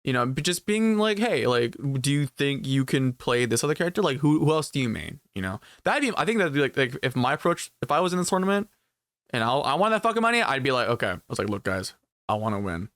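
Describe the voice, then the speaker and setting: A young man streaming a reaction, casual and profane, jumping from loud outbursts to low mutters. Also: very animated, fast talker, no echo, clean studio sound.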